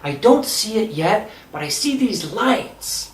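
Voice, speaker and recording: A man telling a personal story, lively and acting out the dialogue. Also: high-pitched, slow pace, roomy sound, slight background noise, poor audio. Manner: animated, acts out quoted dialogue.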